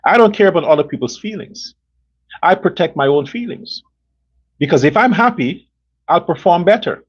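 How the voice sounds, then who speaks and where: In a high, husky voice at a moderate pace, this show host from Guyana bluntly voices political opinions and plays out imagined calls between leaders. The audio has its highs cut off.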